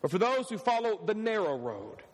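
A man whose voice sits high preaches at normal speed as pastor of his church. His animated sermon rises and falls with call-and-response questions to the congregation, and the sanctuary recording has long hall reverb.

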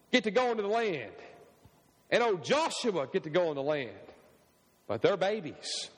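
A man's voice: high-pitched, normal speed, long pauses. A man preaching a sermon as pastor of his church, with rising and falling delivery and questions tossed to the congregation. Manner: animated preaching with call-and-response questions. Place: church sanctuary. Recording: long hall reverb.

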